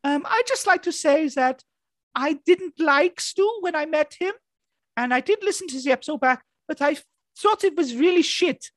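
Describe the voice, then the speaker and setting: A man voicing a female Swedish pop singer in a squeaky, high, giggly put-on voice. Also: expressive, normal speed, fairly bright tone, no room sound. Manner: giggly, comically high-pitched.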